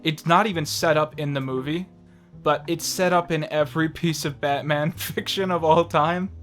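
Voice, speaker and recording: A man's voice: a little high, steady tone, moderate pace, fairly bright tone, faint music behind. A young man chatting casually as a movie review co-host, rambling with lots of fillers and restarts and laughing often.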